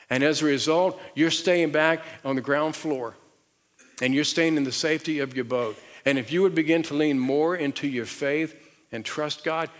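A middle-aged man with a Southern US accent preaching a sermon as pastor, talking conversationally with frequent repeated words and rising emphasis. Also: a little high. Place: large church auditorium. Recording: long hall reverb.

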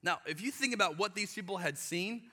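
Male pastor, thirties, lively sermon delivery with acted-out asides; bright tense tone, recorded live in a reverberant church hall. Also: high-pitched, brisk. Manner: animated storytelling, acts out voices with exaggerated emphasis.

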